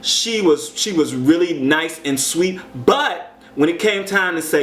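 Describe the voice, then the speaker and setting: An American man giving casual commentary on a show, chatty and animated, jumping up in pitch when he quotes people. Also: unhurried, roomy sound.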